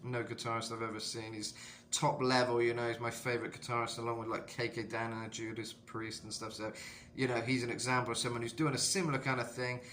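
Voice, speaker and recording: A man with a slightly rough throat giving a casual, rambling singing tutorial as a vocal coach, full of "you know". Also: medium pitch, little pitch movement, fast talker, fairly bright tone, a little hiss or hum. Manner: rambling, lots of "you know", jumps into sung demos.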